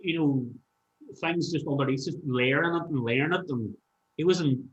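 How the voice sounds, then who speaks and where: Animated man telling stories. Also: a little high, normal speed. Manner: animated storyteller, swears freely. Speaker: musician guest. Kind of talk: casual podcast chat. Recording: roomy, dull-sounding room.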